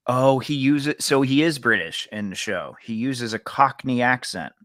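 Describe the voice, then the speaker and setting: A man's voice: mid-range voice, unhurried, fairly bright tone, no room sound. A man co-hosting a podcast, chatting casually in a rambling, laid-back way. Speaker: podcast co-host. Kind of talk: casual chat.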